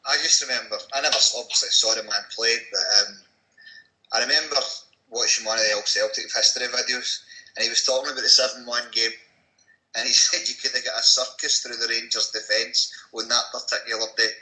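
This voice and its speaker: A Scottish man calling in to a podcast, reminiscing in an unhurried, casual way. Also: medium pitch, fairly even intonation, bright, forceful tone. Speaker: caller. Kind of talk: casual chat. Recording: roomy echo.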